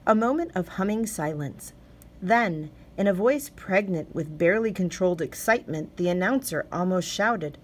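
A woman reading a short story aloud as an audiobook narrator, measured and steady. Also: on the low side. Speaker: audiobook reader. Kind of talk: scripted narration.

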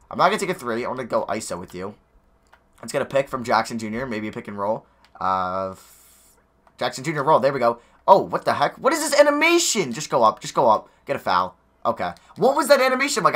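A young man giving nervous, excitable live commentary over a basketball video game, talking to his players on screen, his voice going hoarse. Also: mid-range voice. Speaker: gaming YouTuber.

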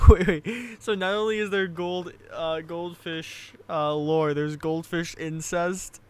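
A man's voice: on the high side, fairly even intonation, takes it slowly, a little mellow, clear, resonant tone. A young man making a casual comedic vlog and reading his own writing aloud, giggling at himself often. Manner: giggly, self-amused, restarts.

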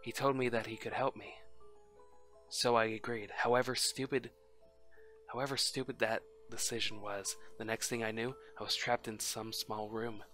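A man's voice: mid-range voice, little pitch movement, moderate pace, pushed and bright, faint music behind, close to an everyday voice. A man reading the part of a shy, lovesick young man in a story game, in his own plain voice. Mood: confessing.

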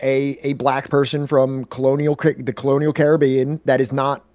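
A man of middle pitch chatting on a stream, rambling through fillers and restarts. His voice is close to the mic in a dry room. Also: level tone, moderate pace, darkish tone, dry recording. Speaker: co-host of a reading stream. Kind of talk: casual chat.

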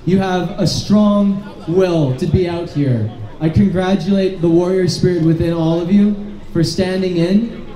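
A man addresses a street protest, his voice pitched very high yet soft and mellow in tone. He declaims in repeated slogans and often rises to a shout. The sound carries a roomy echo from the open street. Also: measured pace. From Canada. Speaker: rally speaker. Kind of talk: impassioned outdoor rally speech. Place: street protest outdoors in the rain.

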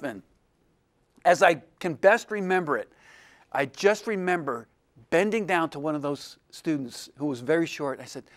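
High-voiced man telling a lecture story. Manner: animated, self-deprecating, acts out quoted voices. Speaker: illustration professor giving a lecture. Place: lecture room with an audience.

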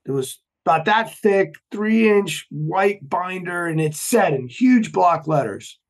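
Guy telling a story on a podcast, does the voices, kinda high voice. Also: takes it slowly, few pauses. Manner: animated storyteller, acts out quoted voices. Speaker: podcast guest, former Navy SEAL. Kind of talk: storytelling interview talk.

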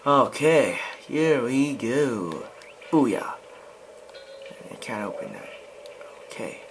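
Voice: medium pitch, expressive, slow pace, poor audio. Jumpy gamer muttering over game noise. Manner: jumpy, yelps and pleads, mutters to self. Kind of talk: let's play commentary.

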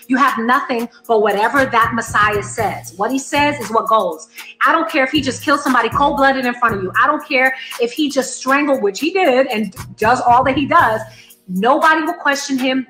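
A woman talks earnestly and emphatically, explaining things to her listeners. Her voice is bright and forward, and the room is echoey with faint music behind. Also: on the high side. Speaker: commentator and former cult member. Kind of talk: commentary monologue.

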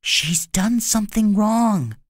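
Man doing a young boy for a storybook, slow and careful, swoopy. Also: sits high, expressive, no echo, clean studio sound, voice pushed up, full character voice. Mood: curious. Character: curious young boy Peter.

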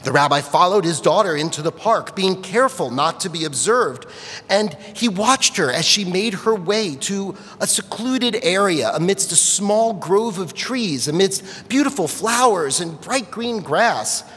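A man telling a story at a family worship service, expressive, in a large sanctuary. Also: high-pitched, unhurried, breathy edge. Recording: long reverb of a large sanctuary.

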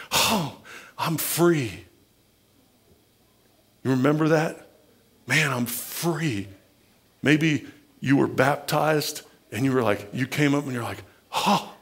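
A man with a Midwestern American accent, a pastor preaching a conversational sermon who acts out the people he quotes. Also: mid-range voice.

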